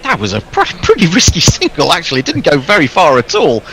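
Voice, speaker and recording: A man's voice: fairly high pitch, wildly swooping pitch, fast, a bit bright, poor audio. A man co-commentating on cricket in a chatty, self-deprecating way, reading out listener messages.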